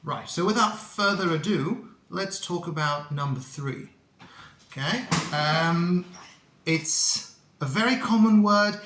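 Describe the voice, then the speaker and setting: A man teaching English pronunciation to camera, speaking deliberately and repeating words for learners to copy. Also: sits high, a bit bright. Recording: echoey room.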